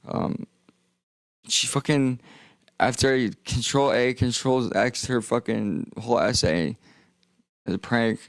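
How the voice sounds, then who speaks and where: A man's voice: medium pitch, fairly even intonation, takes it slowly, gravelly, long pauses, dry recording. A young man streaming, rambling and joking in casual talk that trails off into mumbles.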